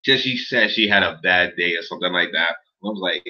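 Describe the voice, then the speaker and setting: A man's voice: low-pitched, a little fast, pushed and bright. A man hosting a casual livestream, rambling and swearing in street slang as he answers his viewer chat. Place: indoors in Los Angeles. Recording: dull lo-fi stream audio.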